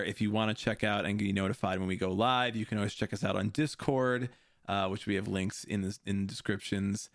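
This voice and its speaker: A man's voice: fairly low pitch, a bit bright, clean tone, no echo, clean studio sound. A man hosting a podcast in casual chat, rambling loosely, laughing often and swearing. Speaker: podcast host. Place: home streaming setup.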